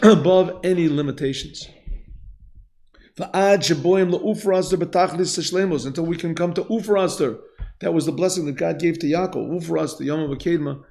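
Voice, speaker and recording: A man teaches a Chassidus lesson in a yeshiva classroom, his voice slightly high with a gravelly edge. He tells a story at length, slipping into the voices of the people in it, and he often stops to clear his throat. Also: darkish tone.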